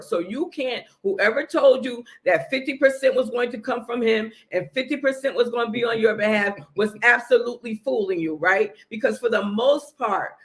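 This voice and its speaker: A middle-aged woman talks through marriage advice like a sermon, earnest and coaching. She leans on repeated check-ins with her listeners and speaks in a relaxed, conversational flow. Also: a little high, moderate pace, hardly any pauses. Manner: earnest, coaching, keeps asking "right?". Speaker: podcast co-host giving marriage advice. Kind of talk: casual preaching talk.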